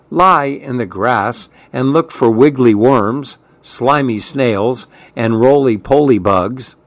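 A man reading a children's picture book aloud in a gentle, playful way. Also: mid-range voice, no room sound. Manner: gentle, playful, slow storytelling. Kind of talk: storybook read-aloud.

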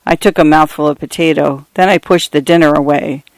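A man calmly reading first-person literary fiction as an audiobook narrator. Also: a little high, a little fast, no room sound.

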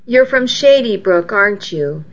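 A woman's voice: medium pitch, expressive, measured pace, natural voice. A woman voicing a dismissive, condescending male employer in a storybook reading, on a dull lo-fi recording.

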